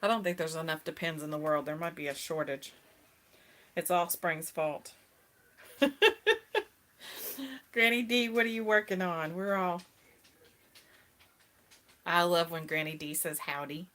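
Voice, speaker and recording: Chatty, bright-toned woman host. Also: lowish voice, steady tone, unhurried, long pauses. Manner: chatty, laughs often, greets viewers brightly. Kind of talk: casual live-stream chat with viewers.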